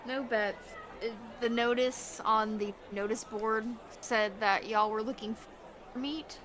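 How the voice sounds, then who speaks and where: A woman's voice: on the high side, fairly even intonation, slow, a crowd in the background, background noise. A woman playing a tabletop game, casual and giggly. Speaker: player.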